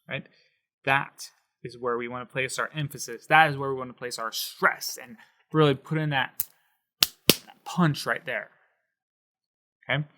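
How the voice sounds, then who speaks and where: A man explaining Spanish accent marks in a patient whiteboard lesson, slowing down to stress syllables. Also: mid-range voice, pushed and bright. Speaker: Spanish teacher.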